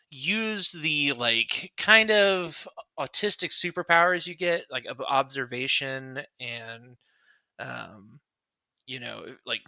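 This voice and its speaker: A man's voice: mid-range voice, gravelly, sharp tone, no echo, muffled recording. A man co-hosting a podcast in casual chat, rambling with lots of fillers. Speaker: podcast co-host.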